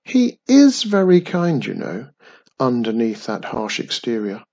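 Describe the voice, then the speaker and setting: Brief: a man doing a grumpy living castle, booming, loud, breathy edge, lively pitch. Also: a little slow, dull audio, exaggerated voice. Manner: grumpy, old-fashioned phrasing. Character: deep booming male talking flying castle, grumpy.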